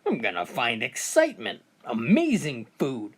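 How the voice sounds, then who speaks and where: A woman's voice: extremely low pitch, wildly swooping pitch, measured pace, voice pushed down, exaggerated voice. Woman voicing a smart-mouthed kid for a joke video, swooping wildly up and down. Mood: cheeky. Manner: blunt punchline delivery. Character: cheeky mouthy young boy.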